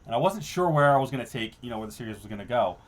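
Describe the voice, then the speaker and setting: Animated, self-mocking male streamer. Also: medium pitch, rapid-fire. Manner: profane, laughing, self-deprecating. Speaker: stream host. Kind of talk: casual commentary stream.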